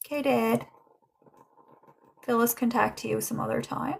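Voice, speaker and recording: A young woman giving a casual livestream psychic reading, chatty and gentle as she relays messages. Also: fairly high pitch, steady tone, normal speed, gravelly, breathy edge. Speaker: psychic medium.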